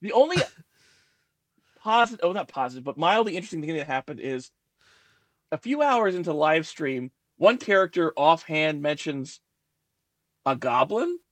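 A man's voice: a little high, sing-song, normal speed, pauses often, no room sound. A man being interviewed as a guest writer, rambling with many fillers and laughing at himself.

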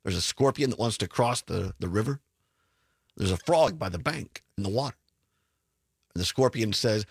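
Chatty Midwestern talk radio host. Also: male voice, mid-range voice, moderate pace, gravelly, slightly rough, no echo, clean studio sound. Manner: chatty, sarcastic, animated storytelling. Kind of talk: political talk radio monologue. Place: radio studio.

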